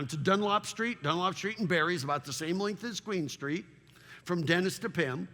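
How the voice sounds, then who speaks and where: A man giving a public slide presentation as a town consultant, animated and full of rhetorical questions. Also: high voice, normal speed. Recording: long reverb of a large hall.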